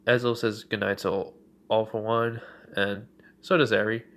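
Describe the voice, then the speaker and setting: A man's voice: on the low side, flat delivery, a little slow, fairly bright tone. A young man casually narrating a fan story, rambling with many fillers and self-corrections.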